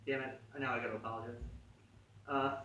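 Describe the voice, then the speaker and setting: A man's voice: medium pitch, flat delivery, brisk, pushed and bright, slight background noise. A man teaching a jiu-jitsu choke to a class in a gym, talking casually and joking, checking in with "right?" as he explains. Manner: joking, conversational, frequent "right?" check-ins. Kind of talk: casual technique instruction. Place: martial arts gym. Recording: echoey room, mic at a distance.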